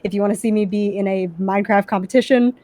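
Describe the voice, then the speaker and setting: A woman's voice: medium pitch, steady tone, quick pace, dark tone, no room sound. Upbeat, giggly woman streamer, dry close sound. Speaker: player and streamer. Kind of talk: casual stream chat.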